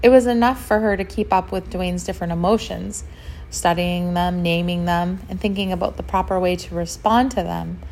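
A woman narrating a children's story in a gentle, expressive way, with chatty asides to the listener. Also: fairly low pitch, normal speed, creaky, slight background noise.

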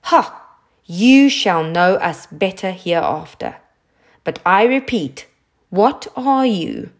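A woman's voice: medium pitch, big pitch swings, takes it slowly, exaggerated voice. A woman voicing a tall, proud, cold and stern queen who speaks in an imperious, commanding way.

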